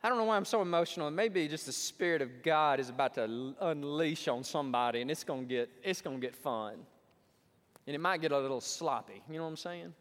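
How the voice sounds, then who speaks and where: A man preaching a sermon as pastor, telling a story with animated asides and acting out the voices he quotes. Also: a little high, a little fast. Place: church sanctuary. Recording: long church hall reverb.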